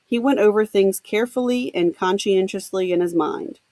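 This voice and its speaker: A woman teacher reading a novel aloud for her students, pausing to explain with casual asides. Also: medium pitch, warm tone, dry recording. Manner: pauses to explain to students, with fillers. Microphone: home computer mic.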